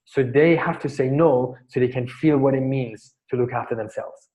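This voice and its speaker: Man, coach, workshop teaching, rambling, frequent restarts, warm mellow voice. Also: medium pitch, moderate pace, poor audio. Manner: rambling, restarts often, tells stories.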